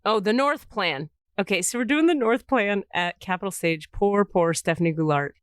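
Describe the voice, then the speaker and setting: A middle-aged woman hosts a podcast and tells a story with lots of life, jumping into the voices of the people in it. Her voice is mid-pitched and the sound is close and dry, with no room around it. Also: moderate pace, smooth, dry recording. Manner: animated storyteller, acts out quoted voices. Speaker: podcast host. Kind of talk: casual storytelling chat.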